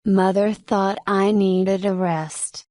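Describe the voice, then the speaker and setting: A woman's voice: mid-range voice, steady tone, slow, warm tone, dry recording, studio quality, lightly acted. A woman voicing a young actress in love, read in her own earnest narrating voice. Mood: polite.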